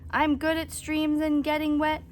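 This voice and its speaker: A woman's voice: high voice, monotone, moderate pace, darkish tone, pitched above the performer's own voice, close to an everyday voice. A woman reading aloud and voicing a cheerful, brave little male truck in sing-song rhyme.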